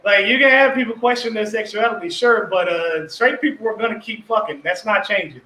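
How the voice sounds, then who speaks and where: Bright-voiced man, casual and sweary. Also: sits high, brisk, reverberant, slight background noise, poor audio. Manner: laid-back, swears freely, many fillers like "you know what I mean". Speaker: guest. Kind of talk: casual live-stream discussion.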